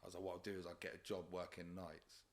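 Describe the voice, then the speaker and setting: A man's voice: low-pitched, completely flat delivery, fast. A young man, a podcast guest talking bluntly about his past jobs, swearing and laughing often. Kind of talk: casual chat.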